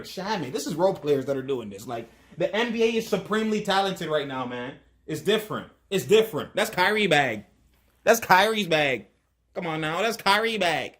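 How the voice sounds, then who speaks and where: A man hosting a basketball highlight reaction, excitable and slangy, laughing often as he talks. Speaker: host.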